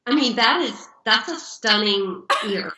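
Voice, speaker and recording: A woman's voice: a little high, expressive, measured pace, bright, forceful tone, slight background noise. Polite Southern woman telling a story. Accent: Southern American. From Alabama, US. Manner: polite, storytelling, with many fillers. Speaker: author guest. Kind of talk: casual interview chat. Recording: echoey, dull lo-fi audio.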